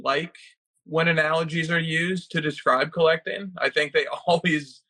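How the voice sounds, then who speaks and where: A man with a bright, forceful voice chats casually as co-host, wry and talkative. The sound is dry and close, with little room behind him. He reads listener questions aloud now and then. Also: a little high, steady tone, normal speed, dry recording, poor audio. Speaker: co-host of a collecting podcast. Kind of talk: casual chat.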